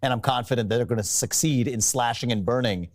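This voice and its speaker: A man answering a television interview with smooth, on-message talking points, played back from a broadcast clip. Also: mid-range voice, fast talker. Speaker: politician in a TV interview. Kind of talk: polished political interview answers.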